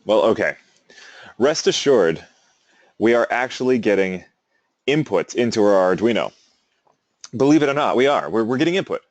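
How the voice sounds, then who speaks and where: A man's voice: lowish voice, sing-song, moderate pace, pauses often, dry recording, highs cut off. A male teacher giving a casual classroom lecture, wandering into amused side stories. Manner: casual, rambling, self-amused asides.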